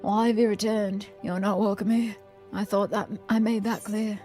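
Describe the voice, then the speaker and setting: A woman voicing a gruff, wary older male rebel mentor with a guarded, curt manner. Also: mid-range voice, level tone, normal speed, a little mellow, soft background music, close to an everyday voice.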